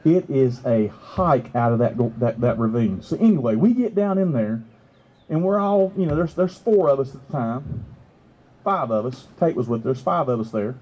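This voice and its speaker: Excitable man telling a story. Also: normal speed, dull audio. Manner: excitable, laughing, leaps to high exclamations. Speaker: festival speaker. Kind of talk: animated storytelling to a live audience. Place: outdoor festival.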